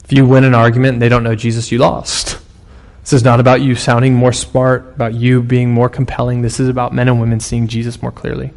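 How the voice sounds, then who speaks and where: A man in his thirties delivers a sermon with a gravelly, fry-tinged voice at an everyday middle pitch. He talks casually and tells stories, then jumps up in force on the lines he wants to land. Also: completely flat delivery, brisk, darkish tone. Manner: conversational, storytelling preacher with sudden bursts of emphasis. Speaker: pastor.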